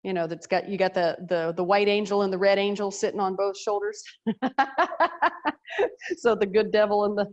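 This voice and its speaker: A woman's voice: medium pitch, a little mellow. A woman teaching a chair yoga class over a video call, giving breathing and posture cues with chatty, joking asides. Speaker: yoga instructor.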